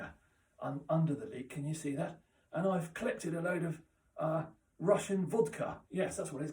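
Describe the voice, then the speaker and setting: A man rambles through a deadpan comic monologue, stumbling and circling back as he goes. His voice sits slightly high and comes from a little way off the mic, with a roomy echo around it. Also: far from the mic. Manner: rambling, halting, full of restarts and asides. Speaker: comic character host. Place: chilly indoor room.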